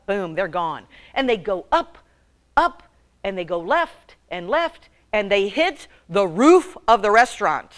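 A middle-aged woman speaking to a women's meeting, telling humorous stories in an animated way and often laughing as she talks. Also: medium pitch, unhurried. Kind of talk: humorous storytelling talk.

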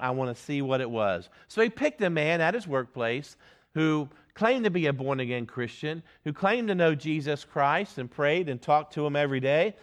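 A man preaching a sermon as pastor, earnest, swinging from loud emphasis to quiet, reflective questions. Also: a little high, lively intonation, normal speed.

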